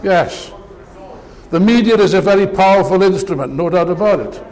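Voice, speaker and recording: A man's voice: high-pitched, moderate pace, darkish tone. Impassioned male speaker in a reverberant hall. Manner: impassioned, mocking asides. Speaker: political speaker. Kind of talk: live political speech. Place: large meeting hall.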